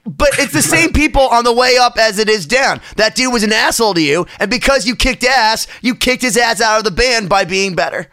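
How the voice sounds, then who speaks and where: A man's voice: very high voice, fairly quick, few pauses, sharp tone, soft background music. A man hosting a casual chat, teasing his guest with jokes. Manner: joking, teasing.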